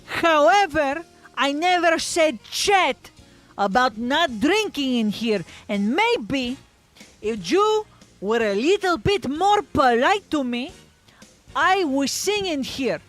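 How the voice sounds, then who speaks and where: A player voicing a cocky man who pretends to be drunk, talking back brashly and cursing, pitched well above the player's own voice. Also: big pitch swings, slow pace, fairly bright tone, soft background music, full character voice. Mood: indignant. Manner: brash, cursing, mock-indignant. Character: cocky young man playing drunk, in a tabletop game. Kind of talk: tabletop game character voice.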